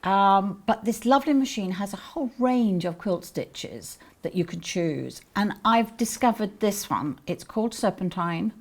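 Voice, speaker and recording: Woman co-host, mid pitch, upbeat and agreeable in a craft demo chat. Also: expressive, measured pace, few pauses. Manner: enthusiastic, warmly agreeing. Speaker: craft show co-presenter. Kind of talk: casual demonstration chat.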